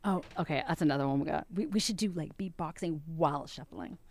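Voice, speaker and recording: A woman hosting a radio show in bubbly, animated, joking casual chat. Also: deep voice, fast, creaky. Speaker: radio host.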